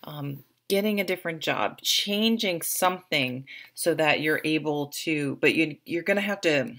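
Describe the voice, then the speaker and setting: A woman's voice: low-pitched, expressive, a little slow, a bit bright. A woman giving a chatty, encouraging tarot reading straight to her viewers, with many fillers along the way. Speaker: tarot reader. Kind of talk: casual tarot reading to camera.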